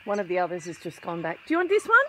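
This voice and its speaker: This is a young female vlogger outdoors in a wooded spot, feeding wild kookaburras with cooing baby talk and mumbled comments to a handheld camera at her side. She speaks in a lowish, slightly mellow voice, very animated and rapid-fire. There's slight background noise behind her casual talk to the animals and camera.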